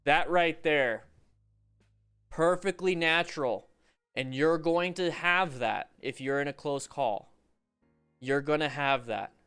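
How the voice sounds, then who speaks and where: A man coaching motorcycle riders over a livestream, commenting on riding videos in an animated, joking, rambling way with restarts. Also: on the high side, takes it slowly, pauses often, smooth, soft background music.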